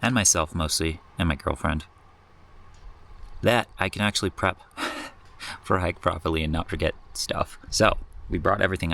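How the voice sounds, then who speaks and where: A man's voice: low-pitched, normal speed, creaky, sharp tone. A man chatting casually to the camera on an outdoor hike, self-deprecating and a bit tired. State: tired after long hike. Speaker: vlogger. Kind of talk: casual hiking vlog. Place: outdoors on a desert hiking trail.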